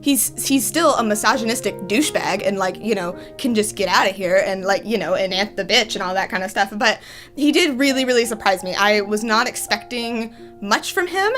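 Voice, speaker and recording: A young woman with a high, bright voice gushes through a book review, piling up "like" and "oh my God" as she talks. Her chatter is excited and fangirlish. Soft music runs faintly underneath. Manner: gushing fangirl chatter, many fillers and exclamations.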